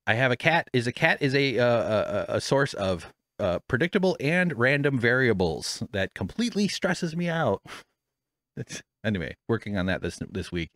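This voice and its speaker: A man's voice: medium pitch, very animated, normal speed, fairly bright tone, no room sound, studio quality. Rambling, self-mocking male podcast host. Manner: rambling, self-deprecating, swears freely. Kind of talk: casual rambling chat. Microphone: studio microphone with headphones.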